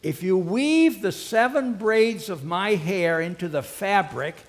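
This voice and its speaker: Samson, a cocky and self-assured strongman, as a preacher puts him on, brags in a lively, offhand voice. Long reverb trails behind him in a large hall. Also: high voice, slow pace.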